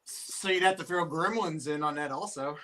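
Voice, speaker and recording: A man's voice: on the high side, moderate pace, sharp tone. A man joining a live stream as a guest, chatting easily and telling short stories. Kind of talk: casual chat.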